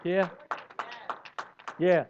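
A man's voice: extremely slow, darkish tone, dull audio, slight background noise. A man preaching a sermon as pastor, emphatic, with rising bursts and repeated words.

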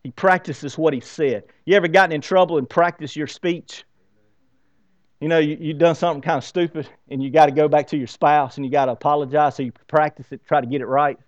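A man preaching a sermon, lively and full of questions to his listeners. His voice sits a bit high for a man. The sound is dry and close to the mic. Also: a little fast, no room sound, dull audio. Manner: animated, asks the congregation rhetorical questions. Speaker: pastor.

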